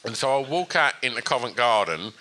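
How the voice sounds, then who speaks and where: A man's voice: mid-range voice, a little fast. A man, co-hosting a podcast recorded live in front of an audience, telling stories with lots of swearing and laughter. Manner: animated, sweary, laughing storyteller. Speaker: podcast co-host.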